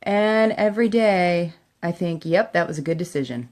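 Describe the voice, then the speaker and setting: A woman's voice: fairly low pitch, expressive, moderate pace, darkish tone. A middle-aged woman chatting emotionally to her camera while doing her makeup, laughing often. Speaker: makeup vlogger. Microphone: camera in front of her.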